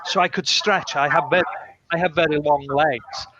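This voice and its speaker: Male English teacher telling stories, slightly high voice, muffled lo-fi recording with faint hiss. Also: normal speed. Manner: animated, acts out quotes with shifting voices. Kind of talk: casual storytelling conversation. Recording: muffled lo-fi sound with faint noise.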